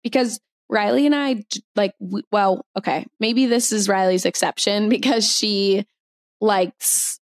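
A young woman co-hosting a laid-back podcast, rambling chattily with plenty of fillers and little laughs. Her voice sits at an ordinary middle pitch. The sound is dry and close, with no room around it. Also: measured pace, no room sound. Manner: chatty, giggly, lots of filler words. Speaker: podcast co-host. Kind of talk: casual chat.

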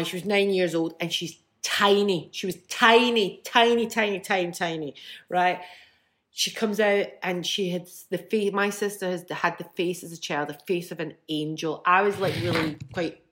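A woman's voice: lowish voice, normal speed. Chatty woman in her fifties. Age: 50s. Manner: chatty, animated, laughing. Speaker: guest, musician. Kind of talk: casual storytelling.

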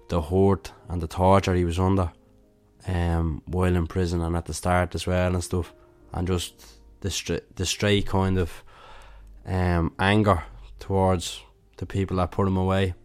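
A young man with a Dublin Irish accent hosts a laid-back solo podcast, rambling along with plenty of fillers and restarts. He's both the show's host and a musician. His voice is deep and slightly mellow.

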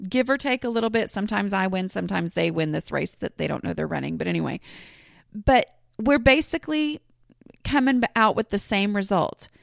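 Medium in pitch, animated, brisk, and creaky, her voice is recorded at studio quality without echo. She's hosting her own podcast solo, chatting casually and rambling, with frequent fillers and restarts.

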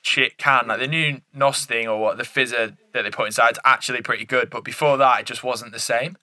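A man's voice: medium pitch, steady tone, fairly quick, pushed and bright. A young man co-hosting a podcast, tossing off joking opinions in casual chat. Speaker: podcast co-host.

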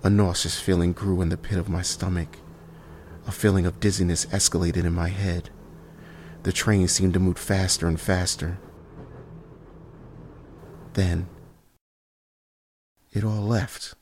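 A man with a deep voice narrates a first-person horror tale, keeping his delivery hushed and deliberate, sometimes sinking almost to a whisper. His pitch stays flat and even throughout. A faint hiss of noise sits under the recording. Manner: slow, hushed, dropping to near whispers.

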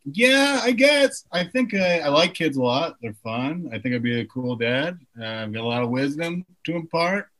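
A young man, a comedian guest on a podcast, joking in a deadpan, self-deprecating way. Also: on the high side, moderate pace, hardly any pauses. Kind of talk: casual interview chat.

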